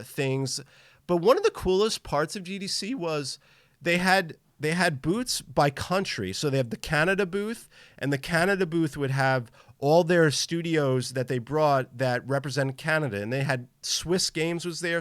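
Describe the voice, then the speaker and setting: A man's voice: on the high side, a bit bright, no room sound, studio quality. A man hosting a live gaming podcast in casual chat, upbeat and tired from travel, greeting viewers by name. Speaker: podcast host.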